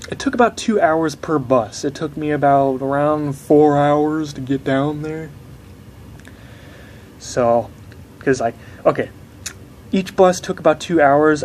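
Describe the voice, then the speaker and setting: A man's voice: a little high, a little slow, a little mellow, slight background noise. Rambling, profane young man. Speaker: vlogger. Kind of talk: casual storytelling to camera.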